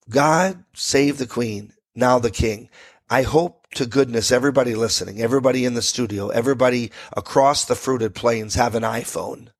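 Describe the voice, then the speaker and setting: Folksy American talk radio host. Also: male voice, mid-range voice, normal speed. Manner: folksy and rambling, with asides to listeners. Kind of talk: talk radio history segment. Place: radio studio.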